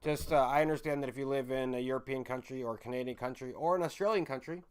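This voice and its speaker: A man's voice: medium pitch, quick pace, smooth. A man hosting a casual livestream, rambling to his chat viewers, swearing freely and often correcting himself mid-sentence. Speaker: livestream host chatting with viewers.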